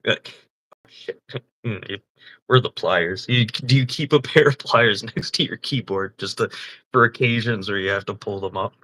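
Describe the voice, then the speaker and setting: A man hosting a casual livestream chat, telling crude, animated stories and laughing often. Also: fairly low pitch, moderate pace. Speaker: livestream host.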